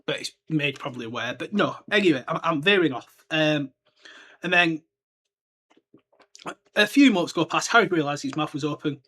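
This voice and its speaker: A man's voice: on the high side, animated, moderate pace, long pauses, bright, forceful tone. A man hosting a book podcast, rambling and chatty, with side remarks along the way. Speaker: podcast host. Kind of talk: casual chat, book discussion.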